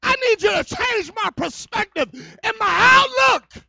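A male evangelist preaching in church, his voice very high and sharp with a bright edge. He drops to near-murmurs and then climbs into fervent shouting. The recording is dry and dull, with a lo-fi feel. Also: expressive, a little slow, gravelly, hardly any pauses, no echo. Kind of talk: fiery preaching. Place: church service.

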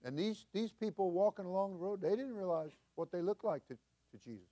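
An older man preaching as senior pastor, folksy and chuckling, building to loud emphatic peaks. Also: high-pitched, lively intonation, brisk. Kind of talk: sermon.

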